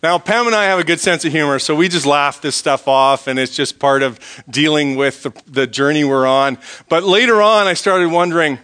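A middle-aged male pastor preaching a sermon in an earnest way, swinging between fervent pleading and quiet reflection. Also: fairly high pitch, normal speed, few pauses, clear, resonant tone.

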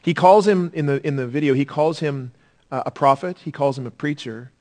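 A man preaching a sermon as pastor, earnest and dynamic, swinging from loud emphasis to hushed intensity. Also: on the high side, a little fast.

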